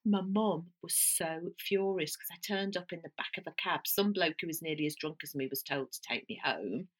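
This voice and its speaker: A middle-aged woman, co-hosting a podcast and telling stories in a chatty, animated way. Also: on the low side, moderate pace. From Northwest England. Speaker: podcast co-host. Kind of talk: casual chat.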